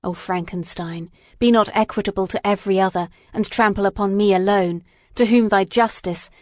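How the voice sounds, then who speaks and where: A woman's voice: mid-range voice, steady tone, normal speed, no echo, studio quality, lightly acted. A woman voicing a grave, wretched monster. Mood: pleading. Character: huge wretched male creature, bitter and pleading.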